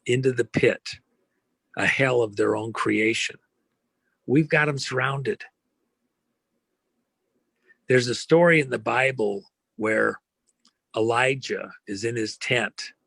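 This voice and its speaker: A man's voice: medium pitch, creaky, a bit bright, husky, no echo. A man giving an impassioned interview, speaking emphatically with rhetorical questions and a preachy tone. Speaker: interview guest.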